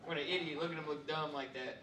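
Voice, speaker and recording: Profane stand-up comic, high and roomy. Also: male voice, fairly even intonation, quick pace, very noisy. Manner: profane, loud bursts and laughing. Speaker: comedian. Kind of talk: stand-up storytelling with slides. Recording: roomy stage sound from far mic, audience.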